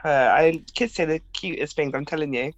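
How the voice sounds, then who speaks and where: A woman's voice: low-pitched, brisk, dull audio. A woman guest on a podcast chatting casually with her sister, with short, affectionate replies. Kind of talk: casual chat.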